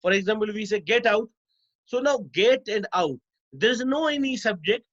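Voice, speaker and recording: A male teacher giving a grammar lesson. He repeats each example slowly, stretches his words, and often calls the class "dear students". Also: high voice, expressive, a bit bright, no echo, muffled recording.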